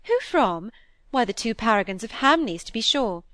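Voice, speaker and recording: A woman voicing a lively, careless young woman who talks briskly and dismissively in a storybook reading. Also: on the high side, dry recording. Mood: breezy.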